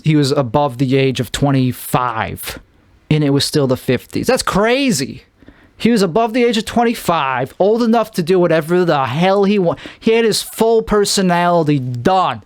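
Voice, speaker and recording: A man's voice: on the high side, animated, moderate pace, no room sound. A man from Chicago with a Chicago accent, rambling through a solo podcast monologue, often restarting and trailing off. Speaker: podcast host.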